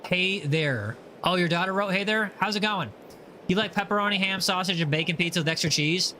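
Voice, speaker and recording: A man hosts a laid-back gaming livestream, reading viewer messages aloud and joking with them. His voice sits high with a bright, forward edge, and a faint hiss of noise runs underneath. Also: fairly quick. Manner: playful, teasing, reads viewer messages aloud. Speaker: livestream host. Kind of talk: casual chat while gaming.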